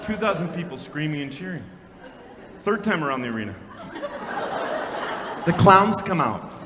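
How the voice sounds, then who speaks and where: A man from Minnesota giving a keynote speech at a conference, telling a story dramatically, with shouted punchlines and hushed quiet lines. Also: fairly high pitch, very animated, normal speed. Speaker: keynote speaker. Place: large conference hall. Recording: long hall reverb, faint room noise.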